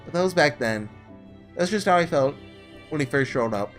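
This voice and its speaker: A man reading aloud as a frail young woman, in measured, reflective narration, with a lively, varied pitch. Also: faint music behind, natural voice.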